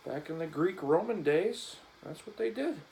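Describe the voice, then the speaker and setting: A man's voice: high voice, animated, normal speed, mellow, a little hiss or hum, low-quality recording. A man vlogging casually as he cleans a gun, rambling and joking in an offhand way.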